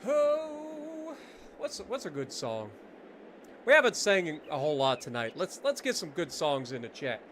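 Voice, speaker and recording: A man's voice: fairly high pitch, sing-song, a little slow, a bit bright, slight background noise. A man streaming a farming game, chatting casually, answering viewers' comments aloud and talking back to the game. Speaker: gaming livestreamer. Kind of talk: casual livestream chat.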